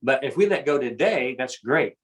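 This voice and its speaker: A man of ordinary, middle pitch explains his ideas to an interviewer. He talks in an earnest, teacherly way and circles back over the same phrases. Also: expressive, moderate pace, rough recording. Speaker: guest speaker on self-awareness. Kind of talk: conversational explaining.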